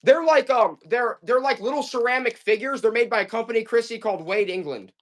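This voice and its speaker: This live auction seller has a very high-pitched, slightly bright voice and talks a little fast. Pitching vintage items to viewers on a stream, he repeats himself in an excited sales patter.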